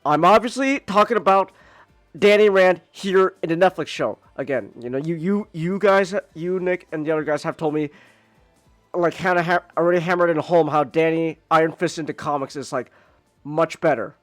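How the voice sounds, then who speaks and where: High-voiced man ranting on a podcast. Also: normal speed, no echo, faint music behind. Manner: stammering, repeats words, swears, swings from mutters to near-yells. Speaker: podcast host. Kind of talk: casual ranting review.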